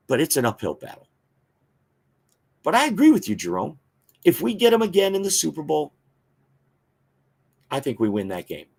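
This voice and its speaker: Guy hosting a football fan show, mid pitch, chatty and opinionated, lots of uhs. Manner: opinionated fan reading viewer comments; frequent filler words. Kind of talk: casual sports talk.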